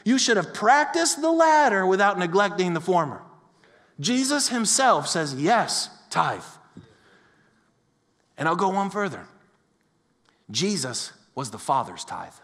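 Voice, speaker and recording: A pastor preaches in a church, his voice high for a man and echoing with a long hall reverb. He tells stories animatedly, acting out the voices of the people in them. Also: measured pace, pauses often. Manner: animated storytelling, acts out quoted voices. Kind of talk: sermon. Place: church sanctuary.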